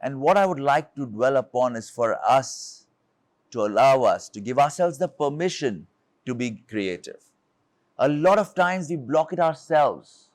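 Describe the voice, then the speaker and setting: A man's voice: mid-range voice, animated, unhurried, dry recording. Earnest man giving a talk. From India. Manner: earnest storytelling with rhetorical questions. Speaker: executive and leadership speaker. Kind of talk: motivational talk with personal story.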